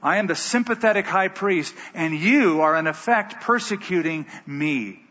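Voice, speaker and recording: A man's voice: sits high, animated, normal speed, pushed and bright, exaggerated voice. A man voicing a grave, compassionate male divine figure who speaks in solemn, emphatic declarations. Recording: dull, echoey hall.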